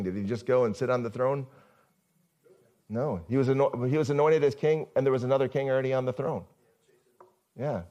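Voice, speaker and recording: A man's voice: medium pitch, warm tone. A male pastor giving a conversational sermon, often asking the congregation questions.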